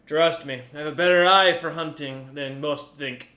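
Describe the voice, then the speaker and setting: A man playing a loud boastful pirate captain. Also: a little high, fairly even intonation, normal speed. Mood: taunting. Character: cocky grizzled male pirate merchant captain.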